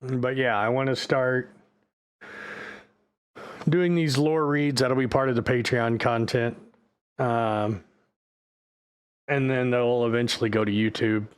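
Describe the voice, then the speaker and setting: A man's voice: mid-range voice, fairly even intonation, slow, long pauses, smooth. A male streamer in casual livestream chat, rambling, loose and profane.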